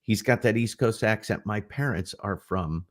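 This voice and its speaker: A middle-aged man co-hosting a casual livestream chat, telling rambling, animated stories. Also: fairly low pitch, normal speed. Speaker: livestream co-host.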